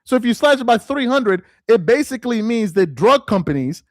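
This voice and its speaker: A man hosting a live-stream commentary, reading aloud slowly with heavy emphasis and mocking what he reads. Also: very high-pitched, sing-song, dry recording, studio quality. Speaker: political commentary host.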